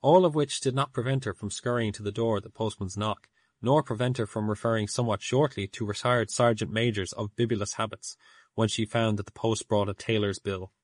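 A man narrates a classic tale at a measured, steady pace, his voice sitting low. The recording is close and dry, with no room sound at all. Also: dry recording. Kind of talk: audiobook story narration.

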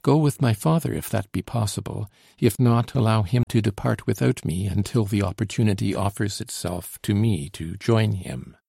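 A man's voice: fairly low pitch, normal speed, gravelly, few pauses, warm tone, husky, dry recording, clean studio sound. A man reading an audiobook, voicing a devoted, anxious young French woman in a raised, pleading voice. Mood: guarded. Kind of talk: audiobook narration.

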